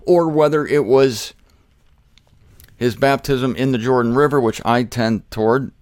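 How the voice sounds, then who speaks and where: A man teaching the Bible in an informal, conversational way, shifting between emphatic bursts and quiet asides and speaking straight to his listeners. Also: medium pitch, measured pace, no room sound, clean studio sound. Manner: conversational, jokey, addresses listeners directly. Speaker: preacher.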